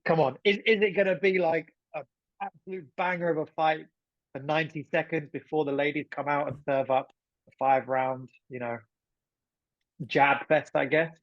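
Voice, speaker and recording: A man's voice: fairly high pitch, fairly even intonation, normal speed, no echo. A man co-hosting a podcast in casual chat, chatty and thinking aloud with plenty of fillers. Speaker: podcast co-host. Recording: dull lo-fi sound.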